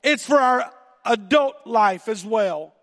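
A man's voice: high-pitched, lively intonation, takes it slowly, fairly bright tone. A middle-aged man with a Southern American accent preaching a sermon, telling a story about himself with self-deprecating laughter. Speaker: pastor. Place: church sanctuary. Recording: long hall reverb.

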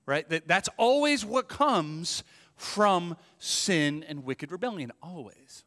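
A male pastor preaching a sermon, swinging between loud emphasis and hushed asides. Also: on the high side, sing-song, measured pace. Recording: long reverb of a church hall.

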